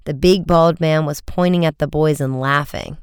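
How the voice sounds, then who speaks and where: An audiobook narrator reads an adventure chapter in a lively, scripted manner. The voice is exceptionally clear and resonant, recorded close with a completely dry sound. The middle pitch stays easy and even. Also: normal speed, no room sound.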